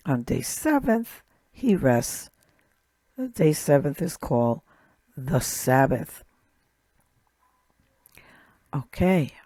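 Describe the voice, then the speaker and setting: A woman teaching a recorded language lesson, speaking slowly and deliberately and repeating each word. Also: low voice, big pitch swings, warm tone, breathy edge, no echo. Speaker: Hebrew teacher.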